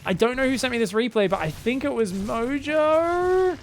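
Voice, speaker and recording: A man casting viewer-sent game replays in a casual, joking commentary style, often laughing and getting excited. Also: extremely high pitch, moderate pace, a little hiss or hum. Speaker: game caster.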